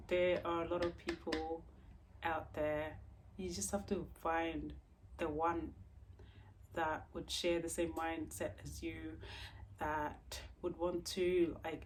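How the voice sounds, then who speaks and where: Young woman vlogger, expressive storyteller, slow and unhurried with a lowish voice. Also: slight background noise. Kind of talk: storytime vlog.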